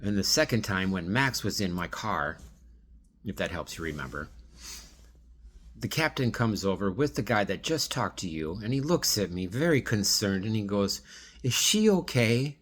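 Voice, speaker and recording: A man's voice: fairly low pitch, animated, moderate pace, fairly bright tone. A man speaking straight to one absent person in a rambling, pleading video monologue. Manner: rambling, restarts and trails off. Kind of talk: direct-address video monologue.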